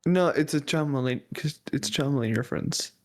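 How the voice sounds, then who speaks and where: A man's voice: fairly high pitch, fast talker. A young man co-hosting a casual podcast chat, trading teasing jabs with his friend. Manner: teasing, playful banter. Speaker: podcast co-host.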